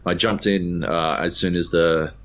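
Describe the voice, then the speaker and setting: A podcast co-host with a deep, unhurried voice tells a story on a gaming podcast, swearing freely and acting out voices as an animated storyteller. It's casual chat, captured in dull lo-fi podcast audio.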